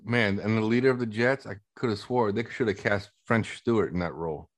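A man's voice: lowish voice, fairly quick. A man co-hosting a podcast, bluntly scorning a movie in casual chat. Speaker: podcast co-host.

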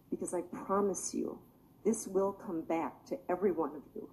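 A woman's voice: lowish voice, moderate pace, mellow, poor audio. Emotional, tired woman testifying. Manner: emotional, earnest, pleading. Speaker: public commenter. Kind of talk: public meeting testimony.

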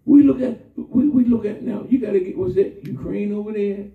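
A man preaching a sermon, telling stories with animated call-and-response. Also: sits high, fairly quick, creaky. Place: church. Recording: echoey church from far off, phone-like sound.

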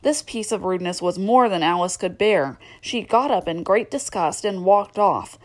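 A woman reads a classic children's tale aloud with a steady, expressive delivery. Her voice sits in the middle range for a woman. The narration is even and carefully paced. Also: mid-range voice, moderate pace. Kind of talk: storybook reading aloud.

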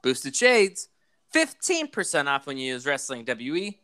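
An excitable, foul-mouthed man co-hosting a wrestling podcast, his voice bright and smooth. He rambles in a loose, casual way, and the close mic sounds dry. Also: medium pitch, measured pace, no echo. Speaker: podcast co-host.

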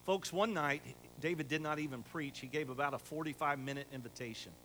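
A man's voice: on the high side, a little fast, sharp tone. An older man preaching a folksy sermon as pastor, rising to emphatic exhortation. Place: church sanctuary. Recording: echoey church hall with faint hum.

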